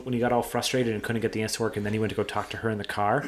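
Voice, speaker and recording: A young man co-hosting a casual movie review podcast, rambling and animated, with lots of fillers. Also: fairly low pitch, racing. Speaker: podcast co-host.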